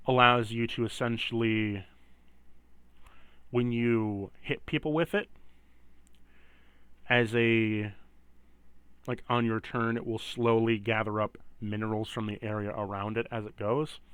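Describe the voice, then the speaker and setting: A man's voice: fairly low pitch, a bit bright, clean tone, dry recording. Rambling male game master, dry sound. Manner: rambling, filler-heavy explaining. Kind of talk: narrating a tabletop game.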